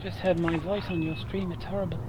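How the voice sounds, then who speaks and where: A man with a rough, damaged voice, chatting casually as a streamer while gaming, rambling through stories with many restarts. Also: sits high, level tone, fairly quick, background noise.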